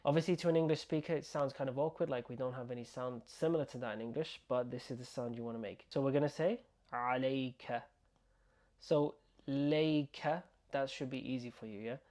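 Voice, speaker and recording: A man teaching pronunciation step by step, patiently repeating each word slowly for learners to copy and checking in with "okay?". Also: mid-range voice, a little mellow. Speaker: Arabic teacher.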